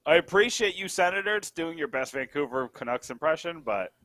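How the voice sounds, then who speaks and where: Man, podcast guest, lively swooping pitch, bright forceful tone, dry close mic, joky asides. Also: a little fast, no room sound. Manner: animated, jokey, trails off into asides. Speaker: guest, site editor. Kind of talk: casual podcast chat.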